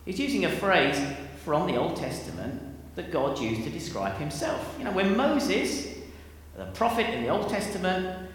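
A man preaching a sermon in a conversational, animated way, with chatty asides. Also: sits high, moderate pace, slight background noise. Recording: echoey church hall with long reverb.

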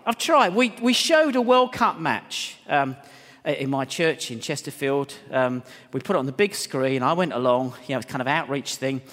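A man preaching a sermon as pastor in a church, telling stories with animation and swinging between hushed asides and loud, ringing peaks. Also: medium pitch, expressive, normal speed, in a large hall.

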